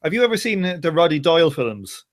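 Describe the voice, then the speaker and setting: A Dublin man, a guest in a casual chat, rambles with lots of restarts and fillers. His voice is a little high, swings widely in pitch, and moves at a quick pace.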